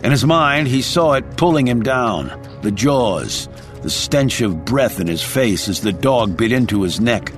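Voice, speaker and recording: A man's voice: mid-range voice, expressive, measured pace, soft background music. A man reading a thriller audiobook in a dramatic storytelling voice. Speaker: audiobook narrator. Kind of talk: scripted thriller narration.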